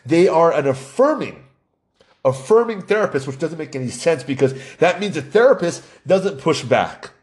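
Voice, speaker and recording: A man's voice: medium pitch, darkish tone. A man talking in a casual, rambling, opinionated monologue, telling anecdotes.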